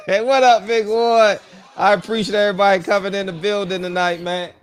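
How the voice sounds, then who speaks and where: A man's voice: high voice, a little slow, no echo, clean studio sound. Laid-back man hosting a livestream. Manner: animated, laughing, peppers lines with "man". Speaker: host. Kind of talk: casual livestream chat. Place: home, just out of the shower.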